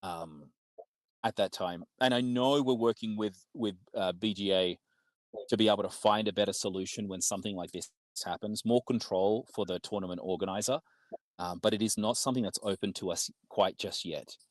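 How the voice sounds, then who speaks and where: A man's voice: on the low side, moderate pace, no echo. A man with an Australian accent, commentating an online card game tournament in a chatty, upbeat way. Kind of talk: casual esports commentary.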